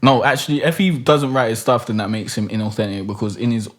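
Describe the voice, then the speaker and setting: A man's voice: medium pitch, quick pace. A young man hosting a podcast, chatting casually in a loose, rambling way full of fillers and hesitations. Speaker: podcast host. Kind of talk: casual chat.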